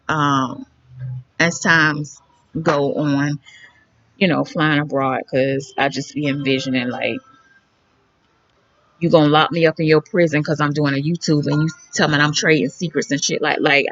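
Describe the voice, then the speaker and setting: A woman's voice: deep voice, fairly bright tone, no room sound, lo-fi sound. A woman vlogger chatting outdoors by a pool, rambling in a candid, slangy way. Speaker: beauty vlogger. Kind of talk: casual chat.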